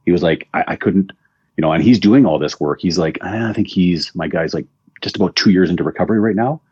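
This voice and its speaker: Very deep husky man, rambling. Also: quick pace, a little mellow, no room sound. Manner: rambling storyteller, repeats words. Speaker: guest, recovery coach. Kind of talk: casual interview talk. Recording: dull dry lo-fi audio.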